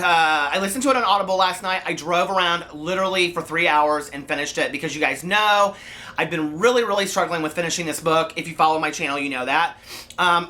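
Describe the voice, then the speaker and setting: Casual vlogger man, slightly breathless, bright chatty delivery, lots of ums. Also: sits high. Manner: chatty, many fillers and restarts. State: a little out of breath. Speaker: book vlogger. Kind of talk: casual video review. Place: his office.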